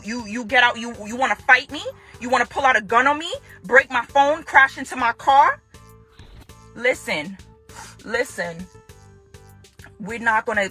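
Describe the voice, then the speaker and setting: This woman's high voice has a sharp tone with a breathy edge as she angrily confronts her ex-husband on camera. Speaking out as his ex-wife, she's furious and hammers home her points by repeating phrases.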